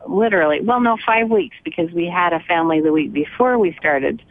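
A grandmother co-hosts a radio chat in a slightly low voice, telling family stories with lively energy. Her sound is dry and close, and it is squeezed into a narrow, phone-like band. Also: brisk, no room sound. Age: older. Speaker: radio show co-host.

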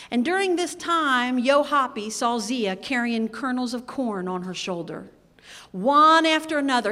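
A woman telling a fable to a live audience of children in an animated, rhythmic way. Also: a little high. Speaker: storyteller. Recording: live hall with long reverb.

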